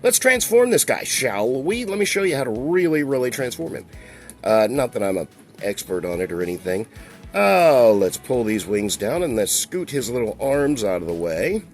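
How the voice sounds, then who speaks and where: A middle-aged man with a twang, chatting through a toy review in a folksy, eager way. His pitch swings up and down a lot, mid-height on average, with faint music playing behind him. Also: very animated, normal speed. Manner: folksy and enthusiastic, talks to viewers as he handles the toy. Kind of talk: casual toy review and unboxing.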